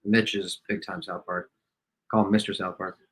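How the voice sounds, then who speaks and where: A man's voice: low voice, level tone, moderate pace, a bit bright, husky. A man co-hosting a live basketball watch party, chatting casually with joking, teasing banter. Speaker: co-host of a sports watch party. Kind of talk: casual live sports chat.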